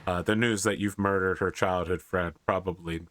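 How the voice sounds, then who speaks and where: A man's voice: sits low, steady tone, normal speed, a bit bright. A man narrating as game master, casual and joking, voicing characters.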